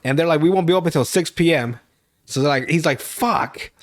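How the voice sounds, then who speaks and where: Talking fast in a fairly high voice, this young podcast host gives a rambling, profane recap of a TV episode. He laughs loudly at his own telling throughout.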